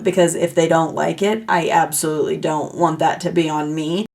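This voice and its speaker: Gal hosting her own podcast, yappy and self-mocking, lots of vocal fry. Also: fairly low pitch, fairly quick, darkish tone. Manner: chatty, playful, self-mocking oversharer. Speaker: podcast host. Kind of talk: casual solo podcast chat.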